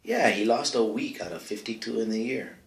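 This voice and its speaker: A man's voice: on the low side, animated, normal speed, echoey room. A man as a comedic character, rambling through a mock history lesson in broken grammar with lots of fillers. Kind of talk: rambling comic monologue.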